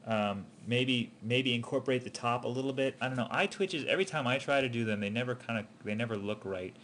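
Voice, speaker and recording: A man's voice: mid-range voice, a little fast, a bit bright, a little hiss or hum. A man giving an animation student casual, encouraging feedback, hesitating with frequent ums and restarts. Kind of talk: casual spoken critique.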